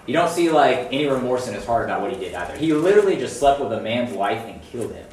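A man preaching a casual sermon to a small group, conversational and animated, often checking in with his listeners. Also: medium pitch, fast talker, slight background noise. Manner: conversational, animated, frequent "right?" and "guys". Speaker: youth preacher. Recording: echoey room, mic at a distance.

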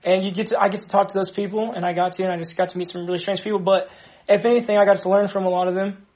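A young man from Dallas giving an earnest, halting personal testimony to a group, with many restarts. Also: high voice, flat delivery, darkish tone. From Dallas, Texas. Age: young adult. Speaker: ministry member giving testimony.

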